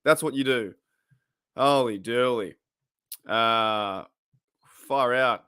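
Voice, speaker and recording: A man's voice: mid-range voice, slow pace, bright, forceful tone, clean tone. A young Australian man hosting a casual fan podcast, chatty and slangy, laughing at himself as he talks into his camera. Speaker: podcast host. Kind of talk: casual chat. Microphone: webcam.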